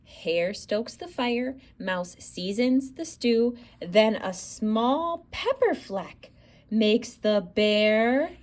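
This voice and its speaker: A woman's voice: fairly high pitch, expressive, extremely slow, a little mellow. A woman reading a rhyming children's picture book aloud in a theatrical, sing-song way. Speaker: storyteller.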